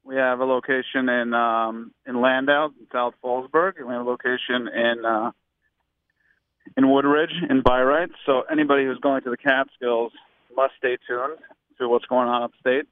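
A man's voice: mid-range voice, moderate pace, clear, resonant tone, dry recording. Baltimore-accented man on a tinny phone line. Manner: relaxed, uses many fillers like "like". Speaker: guest on the phone. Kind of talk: casual radio phone interview.

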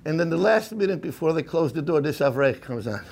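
Rabbi, male, lively storyteller, high and very expressive pitch. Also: a little fast. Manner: animated, acts out the people in his stories; mixes Hebrew and Yiddish terms into English. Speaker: rabbi giving a talk. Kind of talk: storytelling sermon.

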